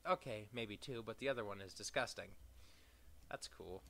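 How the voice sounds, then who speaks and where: A young man giving casual, profane gameplay commentary, reading game text aloud with sarcastic asides and sudden loud outbursts. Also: fairly low pitch, normal speed, creaky. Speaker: let's play gamer.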